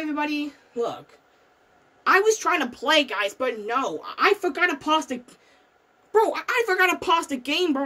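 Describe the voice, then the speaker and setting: A woman's voice: high-pitched, pushed and bright, recorded from a distance. A woman giving frantic, swear-filled gameplay commentary, repeating "bro" constantly. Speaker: gamer.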